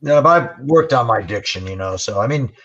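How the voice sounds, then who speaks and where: A man from Rhode Island with a Rhode Island accent, talking in a relaxed, easygoing way. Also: mid-range voice, normal speed. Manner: relaxed, easygoing, full of "you know". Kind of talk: casual livestream chat. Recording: dull lo-fi audio.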